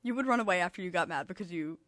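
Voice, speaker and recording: A woman's voice: lowish voice, animated, racing, a bit bright, dry recording. A young woman co-hosting a podcast, playful and teasing, laughing often in casual chat. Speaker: podcast co-host.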